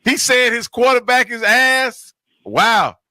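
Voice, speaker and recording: A man's voice: very high voice, expressive, takes it slowly, sharp tone, dry recording. A man in casual sports talk, emphatic, repeating his points and laughing often.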